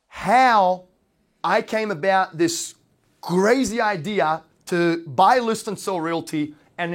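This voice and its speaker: An Australian man giving a casual slideshow presentation on real estate as an investor and brokerage owner, rambling, with lots of fillers and tag questions. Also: high-pitched.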